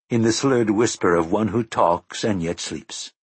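Low husky male audiobook narrator. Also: normal speed, few pauses, no echo. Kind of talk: scripted narration.

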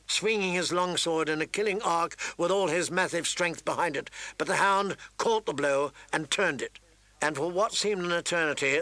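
Man, audiobook narrator, bright forceful tone, dry close sound, dramatic reading. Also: a little high, no room sound. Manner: reads with dramatic emphasis, raising voice for shouted quotes. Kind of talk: scripted narration.

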